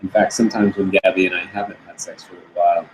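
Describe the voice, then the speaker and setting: A man co-hosting a podcast, calm and soft-spoken. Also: low voice, fast talker, background noise. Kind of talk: casual chat.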